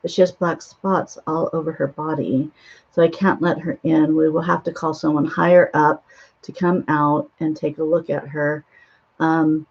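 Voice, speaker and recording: A woman's voice: low voice, vocal fry, a little mellow, breathy edge. A woman casually retelling a spiritual film in a rambling way, with many ums and restarts. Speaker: spiritual author and host. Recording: dull lo-fi sound.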